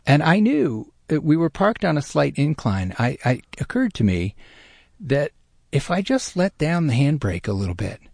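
A middle-aged man spins a personal story with a bouncing, expressive pitch. He is self-deprecating and often trips over his own words. The sound is close and dry. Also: normal speed, gravelly, no echo. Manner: lively, self-deprecating, many restarts. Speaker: storyteller guest.

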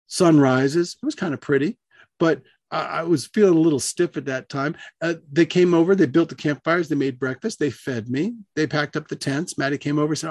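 A man telling a personal story aloud on the radio, animated, acting out the voices of the people in it. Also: brisk, dry recording, studio quality. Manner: animated, acts out voices with big pitch jumps.

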